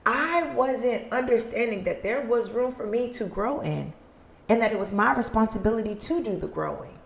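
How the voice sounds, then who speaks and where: Female podcast host, earnest motivational delivery, slightly high pitch, recorded at home in a roomy living room. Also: moderate pace, creaky. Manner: earnest, preachy, acts out little scenes. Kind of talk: motivational talk. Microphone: studio mic.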